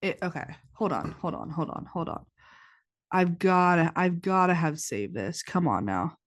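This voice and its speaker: 20 y/o girl podcasting, lower voice, stuffy nose, rambles w lots of like. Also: animated, normal speed. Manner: rambling, heavy use of "like", frequent restarts. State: stuffy nose after crying. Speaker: podcast host. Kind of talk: casual confessional chat. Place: indoors, warm room.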